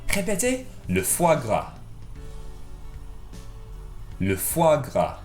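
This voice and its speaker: Speaking extremely slowly in a voice on the high side with a darkish tone and huge swings in pitch, a man gives kids a playful French lesson from his kitchen at home. He drills words in varied voices for them to repeat, while faint music plays in the echoey room.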